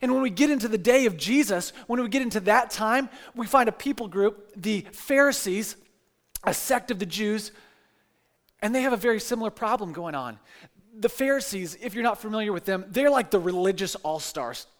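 A man giving a casual sermon, telling scripture stories in a conversational way with animated, acted-out quotes and frequent restarts and asides. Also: high-pitched, normal speed.

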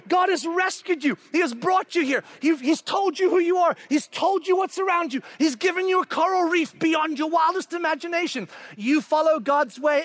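A male pastor delivers a conversational sermon, posing questions to the congregation and swinging from loud emphasis to hushed near-whispers. His voice is very high-pitched, and the recording is dry.

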